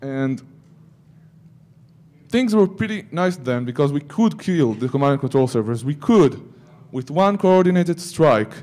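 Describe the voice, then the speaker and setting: A man's voice: on the high side, expressive, a little slow, a little mellow. Joking man giving a conference talk. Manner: joking asides to the audience. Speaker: conference speaker.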